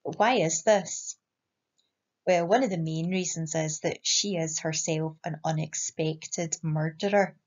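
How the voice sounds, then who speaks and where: A woman with a Scottish accent, an English teacher reading a short story aloud and then explaining it to pupils in a clear, measured way. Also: sits low, fairly even intonation. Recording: slightly muffled lo-fi sound.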